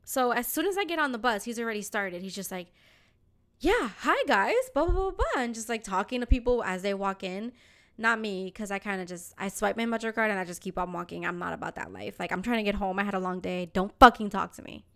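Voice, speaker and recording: A young woman hosting a podcast, telling a story in casual chat, animated and acting out the voices of people in it. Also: medium pitch, fast talker. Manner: animated, acts out voices in her stories, swears casually. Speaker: podcast host.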